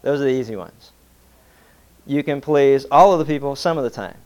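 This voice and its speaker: A man's voice: mid-range voice, moderate pace, a little mellow, clean tone. Guy preaching a sermon, laid back folksy storyteller, plain mid-range voice. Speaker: pastor.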